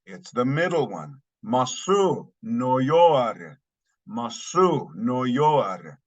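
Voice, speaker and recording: A man's voice: medium pitch, very animated, drawn-out words, darkish tone, muffled recording. A man teaching a language lesson, saying each phrase twice so learners can follow.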